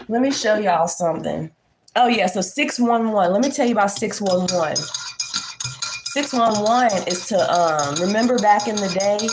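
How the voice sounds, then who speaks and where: A woman's voice: medium pitch, background noise. A woman vlogger chatting casually to her viewers, folksy and talkative. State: congested. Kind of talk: casual chat to camera.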